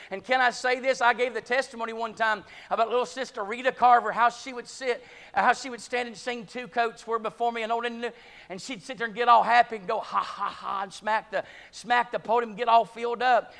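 A man, preaching a sermon in a folksy way that builds to loud, shouted climaxes. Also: high voice.

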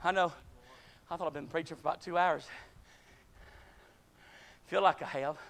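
A man preaching a sermon, calling out to the congregation and climbing to shouted peaks, short of breath at times. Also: a little high, fairly even intonation, normal speed, gravelly. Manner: call-and-response, rising to shouting peaks.

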